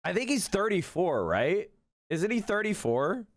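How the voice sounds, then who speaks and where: A man hosting a political livestream, talking in a casual, profane, animated way with rapid asides. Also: high voice, very noisy.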